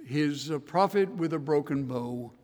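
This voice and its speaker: A male pastor preaching a sermon in an earnest voice that swings into loud, emphatic bursts. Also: on the high side, measured pace. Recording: reverberant hall.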